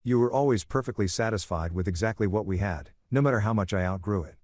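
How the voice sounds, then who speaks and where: A man reading the lines of a cold, calculating middle-aged woman executive in an audiobook story, calm and matter-of-fact with a cutting edge. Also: lowish voice, fast talker, dry recording, clean studio sound, lightly acted.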